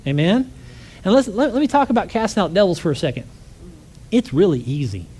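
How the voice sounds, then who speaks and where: With a high-pitched voice and a slightly quick pace, a man gives a lively, story-filled sermon in a conversational tone. He throws rhetorical questions out to the congregation.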